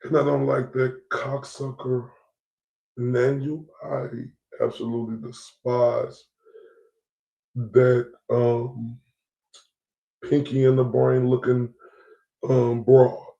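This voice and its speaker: Gravelly slow-talking man ranting on stream. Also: mid-range voice, level tone, warm tone, reverberant, highs cut off. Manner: rambling, repeats himself, slangy and heated. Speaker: livestream host. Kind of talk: casual livestream rant.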